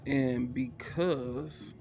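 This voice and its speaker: A man's voice: mid-range voice, fairly even intonation, very slow, over music. A man, narrating a tabletop game as game master in a casual way, sighing and muttering to himself.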